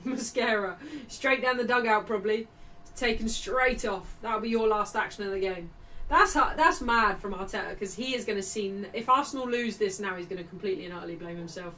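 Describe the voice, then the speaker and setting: Woman, watchalong streamer, casual commentary, bright tone, heard from a little way off the mic. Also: mid-range voice, a little fast. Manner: chatty, shouts greetings to chat. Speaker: streamer hosting a football watchalong. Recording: distant mic with faint background noise.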